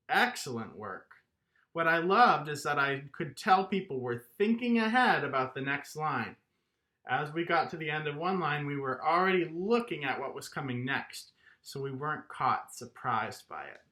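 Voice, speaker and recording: Lively man teaching kids music. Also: medium pitch, normal speed. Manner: animated, encouraging, chants rhythms and claps along. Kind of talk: online music lesson for young children.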